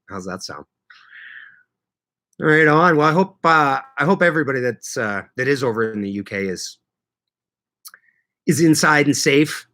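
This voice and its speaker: A man hosting a relaxed livestream chat, his voice bright and forward. He rambles in an easygoing way, chuckles often and calls out viewers by name. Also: mid-range voice. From Canada. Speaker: livestream host.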